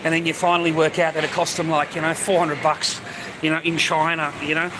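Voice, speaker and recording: This man's fairly high voice stays level and fairly quick as he live streams a stroll through a shopping area. He's chatty and says "mate" to everyone, with traffic and street sounds around him.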